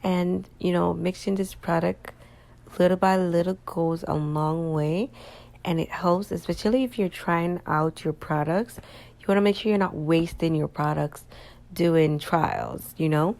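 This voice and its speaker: A woman's voice: on the low side, a little slow, vocal fry, a little mellow. A woman talking casually over her video as a small business owner and vlogger, chatting straight to her viewers in a tired, yawning voice. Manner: chatty, addresses viewers directly. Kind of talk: casual voice-over of a craft tutorial.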